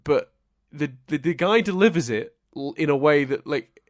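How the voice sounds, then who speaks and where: A man co-hosting a podcast, chatting casually in an animated, self-mocking way. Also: fairly high pitch, moderate pace. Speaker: podcast co-host. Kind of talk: casual chat.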